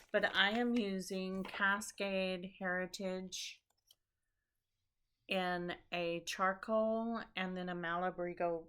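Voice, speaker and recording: A woman chatting casually as a knitting show host, tired and a bit scattered. She talks at an unhurried, slow pace, rambling and pausing with ums and restarts. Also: mid-range voice, fairly bright tone. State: tired after a long trip. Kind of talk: casual chat about knitting projects.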